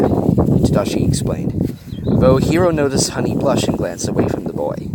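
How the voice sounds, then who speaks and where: A man reading a story aloud on a handheld recorder while walking a dog outdoors, expressive with casual asides. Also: medium pitch, moderate pace. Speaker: fan fiction reader. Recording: loud outdoor background noise.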